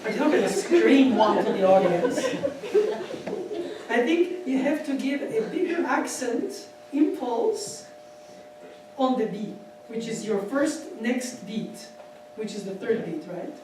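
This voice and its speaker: Male piano teacher, animated masterclass delivery, boomy hall sound. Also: slow pace, background noise. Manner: animated, laughing, counts beats aloud. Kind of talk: masterclass instruction. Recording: echoey hall from far off, piano. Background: piano playing.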